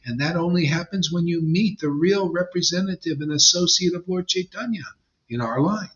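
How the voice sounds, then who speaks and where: A man's voice: high voice, normal speed, fairly bright tone, dull audio. A man giving an informal devotional sermon as a spiritual teacher, blunt and emphatic, with slangy asides.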